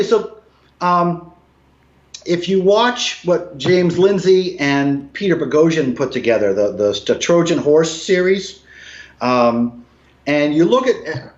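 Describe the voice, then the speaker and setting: A man in casual conversation from his apartment, talking emphatically, swinging between low mutters and raised, swearing outbursts. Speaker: guest. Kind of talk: casual video call conversation. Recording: roomy, dull lo-fi sound.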